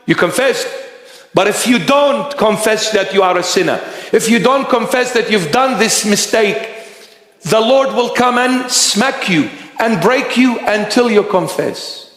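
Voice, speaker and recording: A man preaching a sermon as a bishop, impassioned, with rhetorical questions and dramatic swings of pitch. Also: animated, unhurried, fairly bright tone. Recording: echoey church hall reverb.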